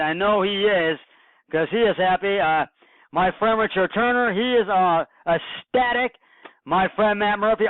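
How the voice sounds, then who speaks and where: A man giving a casual solo sports recap, rambling and excited, repeating himself with many fillers. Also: sits high, smooth, no echo. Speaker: home podcaster recapping football. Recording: tinny phone-like dry recording.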